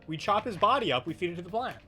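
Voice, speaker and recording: A young man co-hosts a game stream, teasing and laughing through casual chat. His voice is bright and forward in tone, and his pitch swings up and down in an animated way. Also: racing, faint music behind. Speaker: co-host playing a game.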